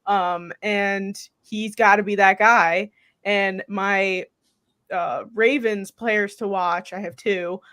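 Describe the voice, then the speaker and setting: A woman's voice: mid-range voice, fairly even intonation, slow, fairly bright tone. A woman co-hosting a casual sports podcast, chatty and thinking aloud, with lots of 'like'. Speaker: podcast co-host.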